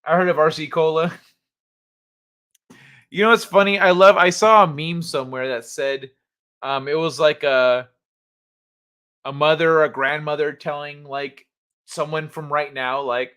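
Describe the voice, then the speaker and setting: A man's voice: on the high side, fairly even intonation, a little slow, long pauses, fairly bright tone, smooth. Laid-back male livestream host. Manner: laid-back, hesitant, full of fillers. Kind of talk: casual chat with viewers.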